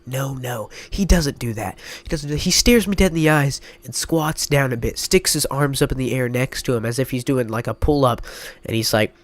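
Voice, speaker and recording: A man's voice: medium pitch, moderate pace. A young man with a stuffy nose telling a rambling, mock-dramatic storytime vlog, full of filler words. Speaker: YouTuber.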